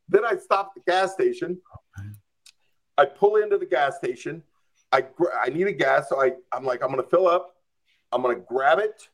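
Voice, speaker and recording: Animated storytelling man, slightly higher voice. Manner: animated, acts out his own reactions; frequent "like" and "I'm just like". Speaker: podcast guest. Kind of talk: casual storytelling.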